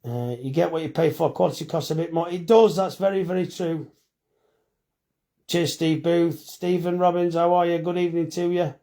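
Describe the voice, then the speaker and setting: He's a middle-aged farmer and butcher running a phone live stream, chatty and blunt, reading incoming viewer comments aloud and swearing in a friendly, easy way. The voice is warm and a little high for a man, with fairly even intonation at a normal speed.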